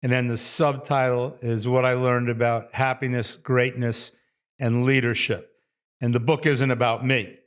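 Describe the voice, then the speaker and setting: A man's voice: mid-range voice, a little slow. An older man from New York, a former athletic trainer, telling stories in a casual interview and laughing often between his sentences. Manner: animated storyteller, laughs often mid-sentence.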